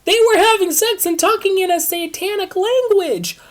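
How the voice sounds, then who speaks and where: A woman's voice: very high voice, moderate pace, pitched above the performer's own voice. A woman voicing a hysterical young woman, screaming in panic in a read-aloud fan fiction. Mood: panicked shrieking.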